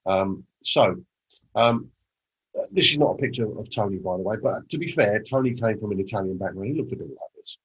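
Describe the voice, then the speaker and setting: A man delivers a motivational presentation with a storyteller's pacing. His voice sits fairly low and has a husky edge. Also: lively intonation, a little fast, fairly bright tone, low-quality recording. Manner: storytelling, acts out quoted conversations.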